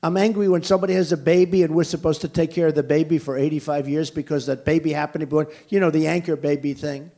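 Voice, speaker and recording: A man's voice: fairly high pitch, steady tone, fast, hardly any pauses, mellow. An older American man fields questions at a political rally in a blunt, emphatic way, circling back to the same phrases. His voice sits a little above the usual male range. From United States. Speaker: presidential candidate at a rally. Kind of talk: campaign rally Q&A. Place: large indoor venue.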